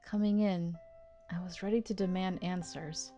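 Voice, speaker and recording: Lady reading as confused young guy narrating in first person, quiet and low-key, faint music. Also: fairly even intonation, normal speed, close to an everyday voice. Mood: puzzled. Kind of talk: reading game narration aloud.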